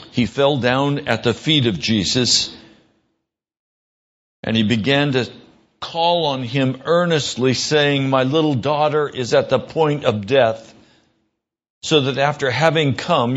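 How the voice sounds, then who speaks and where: Slow, earnest preacher on a dull broadcast. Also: male voice, a bit bright. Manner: earnest preaching, slow and emphatic, rising in pitch when pressing a point. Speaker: pastor. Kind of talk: radio sermon.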